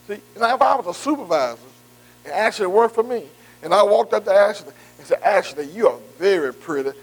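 A man's voice: high voice, animated, fairly quick, low-quality recording. A man leading a bible study in a conversational preaching style, folksy and informal, who keeps checking in with listeners. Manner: repetitive "see" and "am I right", engaging the room.

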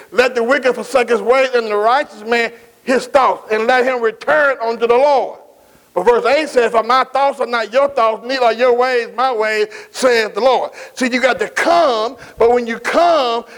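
A man's voice: very high-pitched, fairly bright tone, low-quality recording. A man preaching a sermon, calling out to his congregation, stretching out scripture lines and dropping folksy asides. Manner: call-and-response preaching, drawn-out scripture quotes, folksy asides. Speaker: pastor.

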